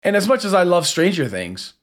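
A man's voice: high-pitched, sing-song, brisk. A man co-hosting a podcast in casual chat, wry and easily exasperated. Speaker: podcast co-host.

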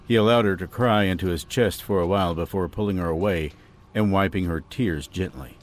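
A man hosting a true-crime podcast, narrating in a dramatic storytelling style. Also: normal speed. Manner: dramatic storytelling with wide swings in pitch. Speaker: podcast host and audiobook narrator.

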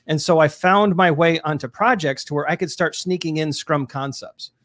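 A man's voice: fairly high pitch, normal speed, fairly bright tone, dry recording. A man co-hosting a podcast in casual chat, upbeat, reading listener questions aloud. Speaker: podcast co-host.

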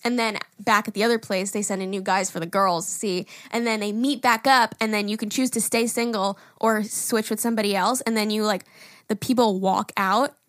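A young woman co-hosting a casual podcast, animated, laughing often and swearing freely. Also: mid-range voice, a little fast, no echo, clean studio sound. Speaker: podcast co-host, daughter-in-law. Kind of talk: casual chat.

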